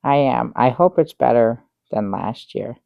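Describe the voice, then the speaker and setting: A man doing a rambling, halting storyteller with a gravelly voice. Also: mid-range voice, dry recording, narrow, tinny audio. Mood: dry, halting. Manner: rambling, halting, with many restarts and fillers. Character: bumbling middle-aged man telling a tall tale. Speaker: guest on a comedy talk show. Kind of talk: improvised sketch comedy.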